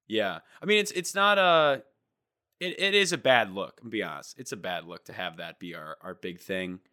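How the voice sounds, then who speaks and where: Guy on a podcast, swears a lot, really lively bouncy voice. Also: lowish voice, moderate pace. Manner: swearing, animated storytelling. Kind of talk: casual chat.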